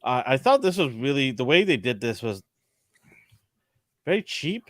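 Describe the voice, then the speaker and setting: A man's voice: mid-range voice, very animated, moderate pace, no echo, studio quality. A man hosting a casual pop culture show who laughs often and reads out comments from viewers. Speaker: podcast host. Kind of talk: casual chat.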